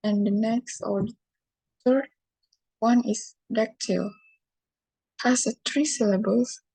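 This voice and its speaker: A young Indonesian woman, a student presenter with an Indonesian accent, gives a careful classroom presentation that switches between English and Indonesian. Her mid-range voice is mellow, with no room sound, but the recording quality is low.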